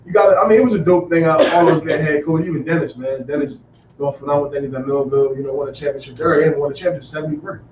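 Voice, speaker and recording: A man who coaches high school football, talking in a relaxed, reflective way on a podcast, with plenty of filler phrases. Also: very fast, background noise. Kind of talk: casual podcast conversation. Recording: echoey room, distant mic, dull sound.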